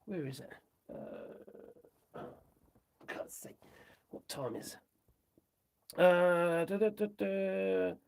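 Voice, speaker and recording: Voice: mid-range voice, very animated, extremely slow, gravelly, long pauses, darkish tone. A host chatting loosely on a livestream, rambling, giggling and muttering while reading off a phone. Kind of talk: casual livestream chat reacting to viewers.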